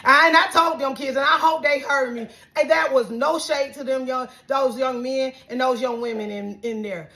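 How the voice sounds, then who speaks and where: A woman's voice: high voice, normal speed, hardly any pauses, sharp tone. A woman, telling an angry story about bad customer service. She swears heavily and acts out both sides of the argument. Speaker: vlogger.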